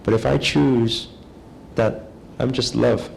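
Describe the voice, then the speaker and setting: A man giving a calm, measured spiritual talk, speaking slowly and deliberately as a teacher. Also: medium pitch, creaky, slight background noise, rough recording.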